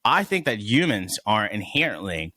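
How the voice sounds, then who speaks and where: Young guy on a podcast, lowish voice, rambles and hunts for words, dead dry sound. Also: big pitch swings, normal speed, sharp tone, dry recording. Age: 20s. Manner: rambling, searching for words, coining terms. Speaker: podcast guest. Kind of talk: casual podcast chat.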